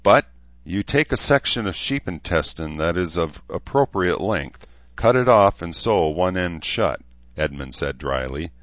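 A man with a deep voice playing a dry-humored, fatherly male camp leader in an audiobook, on a dry, slightly dull recording. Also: lively intonation, normal speed, dry recording. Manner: dry, joking.

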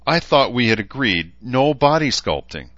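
A man's voice: mid-range voice, sing-song, normal speed, fairly bright tone, no echo, dull audio, voice pushed up. A man voicing a stern, coldly professional mother, clipped and disapproving.

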